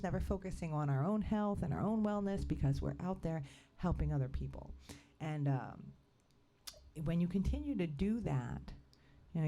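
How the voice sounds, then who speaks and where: A chatty woman co-hosting a podcast, her voice sitting a little low but swinging widely in pitch. She talks in an upbeat, easygoing way and laughs often. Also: dark tone. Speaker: podcast co-host. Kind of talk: casual chat.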